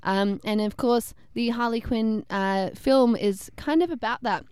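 A woman chats eagerly about comics, full of fillers and quick asides. Her voice is smooth and clear. It is recorded close and dry. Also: on the high side, darkish tone, no room sound. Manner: enthusiastic, chatty, many fillers. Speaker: podcast co-host. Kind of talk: casual pop-culture chat.

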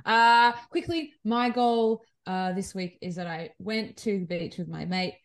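A woman's voice: mid-range voice, measured pace. A woman in her mid-thirties hosting a radio show, playful and teasing, laughing often. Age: 30s. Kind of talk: casual chat.

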